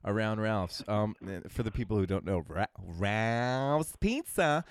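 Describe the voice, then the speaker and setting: A man in casual chat, telling rambling hometown stories with halting restarts. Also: lowish voice, expressive, clear, resonant tone, dry recording.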